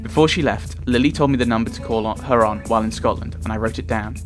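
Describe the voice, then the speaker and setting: A man's voice: lowish voice, quick pace, music in the background. Chatty man reading a visual novel. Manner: chatty, laughs at his own reading slips. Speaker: let's player.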